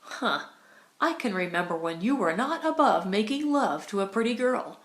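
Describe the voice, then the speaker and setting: A woman's voice: medium pitch, expressive, normal speed, close to an everyday voice. A woman reading Carly, a blunt coquette. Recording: roomy echo.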